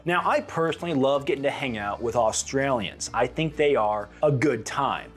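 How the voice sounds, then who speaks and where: A man's voice: medium pitch, moderate pace, few pauses. A man narrating a video commentary in a wry, sarcastic way. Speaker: YouTuber. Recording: music playing behind.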